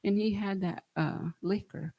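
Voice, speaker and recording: Woman, gravelly and husky, earnest and halting personal account. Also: medium pitch, fairly even intonation, warm tone, rough recording. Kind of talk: recounting a personal story.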